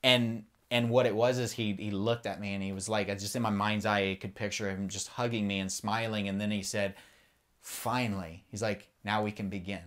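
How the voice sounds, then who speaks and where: A man's voice: fairly low pitch, level tone, brisk, few pauses, fairly bright tone. A man on a podcast, candidly telling a personal faith story in an earnest, rambling way and swearing freely.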